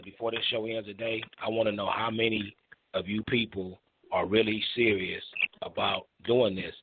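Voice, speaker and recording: Low-voiced male host on a phone line. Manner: repetitive, stumbling restarts. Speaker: talk show host. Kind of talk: call-in radio hosting. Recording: tinny phone line with faint noise.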